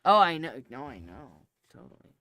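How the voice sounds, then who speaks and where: A woman co-hosting a lifting show, reading viewer comments aloud in a slow, halting way with many ums, and suffering from hiccups. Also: sits low, sing-song, fairly bright tone, dry recording. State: has hiccups. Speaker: co-host reading viewer chat. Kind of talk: casual chat, reading comments.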